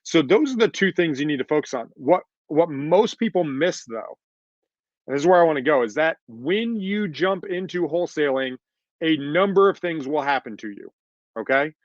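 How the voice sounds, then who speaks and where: A man's voice: a little high, lively intonation, moderate pace, no room sound. A man casually talking on a podcast, making points with emphatic repetition. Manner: emphatic, repeats points, acts out quoted voices. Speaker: podcast co-host. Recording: dull lo-fi dry recording.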